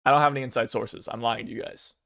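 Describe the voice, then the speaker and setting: A young man giving casual commentary on game news, rambling and excitable, with many fillers and restarts. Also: mid-range voice, racing, gravelly. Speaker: gaming video creator.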